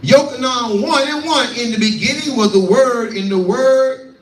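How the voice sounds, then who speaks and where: A man's voice: very high-pitched, moderate pace. A man preaching a scripture teaching, repeating lines and calling out to his listeners. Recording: echoey room, voice from far off.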